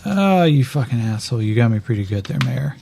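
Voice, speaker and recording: A wounded older man mocks his rival in a tired, dry voice, as a man puts him on. His voice is low in force and gravelly. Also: very animated, fairly quick, warm tone, a little hiss or hum. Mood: wry. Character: wounded older man, coughing, grimly wry.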